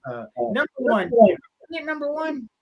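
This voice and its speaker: A man on a casual podcast retells comedy scenes with gusto. His voice sits high and he bursts into loud acted-out lines. He swears freely as he talks. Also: moderate pace, gravelly, lo-fi sound, a crowd in the background. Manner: animated, swearing, acts out quotes in loud voices. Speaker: podcast co-host.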